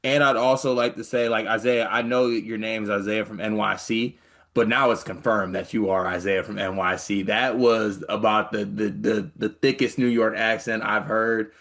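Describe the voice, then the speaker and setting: A man's voice: fairly low pitch, fairly even intonation, moderate pace, a bit bright. A man from Michigan hosting a sports podcast in joking, laid-back banter. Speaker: podcast host. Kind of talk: casual sports podcast chat.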